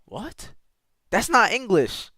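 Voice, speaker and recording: A man's voice: sits high, huge pitch swings, takes it slowly, sharp tone, slightly rough, no room sound. A man streaming live, chatting casually with his viewers and playfully sounding out foreign words. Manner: talks to chat with slangy asides.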